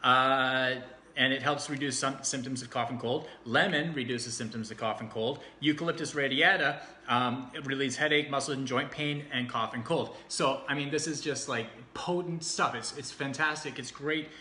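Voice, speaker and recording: A man chatting casually and cheerfully through a product walkthrough, joking and filling pauses with ums. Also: mid-range voice, fairly even intonation, sharp tone. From Canada. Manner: chatty, upbeat, jokey, with frequent fillers. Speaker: vlogger reviewing essential oils. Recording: echoey room.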